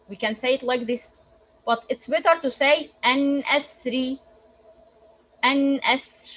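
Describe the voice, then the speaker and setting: A woman teaches recitation rules over a video call. Her voice sits high, and she explains step by step, often restarting her sentences and sounding words out. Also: fairly bright tone, low-quality recording. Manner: explains slowly with frequent restarts, models Arabic words aloud. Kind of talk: online tajweed lesson.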